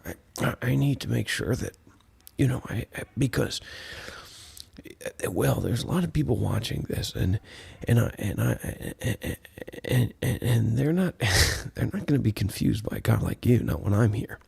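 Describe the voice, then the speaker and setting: A man's voice: medium pitch, animated, unhurried, creaky, a little mellow, breathy edge, heavily acted. A man voicing a self-righteous male online critic who stammers and then turns smug and dismissive.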